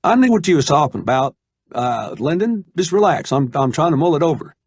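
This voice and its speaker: Brief: a man as an easygoing middle-aged Southerner, husky voice, dry room. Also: a little high, brisk, no room sound, full character voice. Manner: drawling, easygoing, calming. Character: laid-back middle-aged male Arkansas man.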